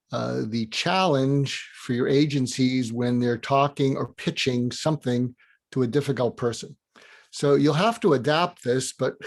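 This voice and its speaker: An older man, a guest in an interview, giving advice through lively stories and acting out both sides of conversations. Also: medium pitch. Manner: animated, acts out dialogue in quoted voices. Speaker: guest, psychiatrist and business advisor.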